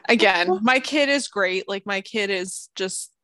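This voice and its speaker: A woman in her thirties co-hosting a podcast over a remote call, chatting casually and telling stories with lively acted-out voices. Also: medium pitch, measured pace, dry recording. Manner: animated storyteller, acts out voices, laughs often. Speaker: podcast co-host. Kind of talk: casual chat. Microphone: headphones over a video call.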